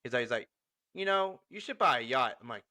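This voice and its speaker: Speaking briskly at a medium pitch, this young man shares amusing anecdotes about his son while co-hosting a podcast. It's relaxed storytelling, full of laughter, with the conversations performed out loud in an animated way.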